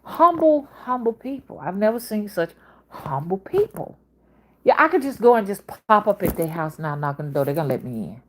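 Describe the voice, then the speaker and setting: A woman's voice: lowish voice, very animated, brisk, a little hiss or hum. A woman in her fifties with a Southern accent, talking in a casual, rambling monologue that jumps between topics. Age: 50s. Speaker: spiritual reader and channel host.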